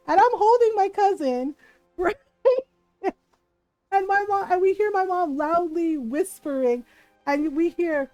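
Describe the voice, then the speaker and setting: A high-voiced woman streamer tells a story in casual chat, cursing freely and checking in with "right?" after each beat. The sound is dry and close, with faint music behind her. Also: expressive, measured pace, long pauses, a little mellow, no echo, highs cut off. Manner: swears freely, tags lines with "right?".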